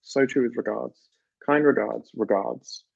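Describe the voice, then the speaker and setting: Chatty British man, husky dull lo-fi audio. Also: medium pitch, unhurried, dry recording. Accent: British English. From United Kingdom. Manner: chatty and animated, laughs often, reads out viewer comments. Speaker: livestream host. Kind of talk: casual chat with live viewers.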